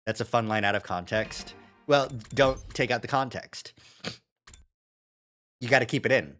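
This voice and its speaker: A woman's voice: extremely low pitch, normal speed. A woman streaming a visual novel live, joking casually and reacting to the story, with faint game music behind. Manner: animated, joking, swears casually. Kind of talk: live let's-play commentary, reading the game aloud.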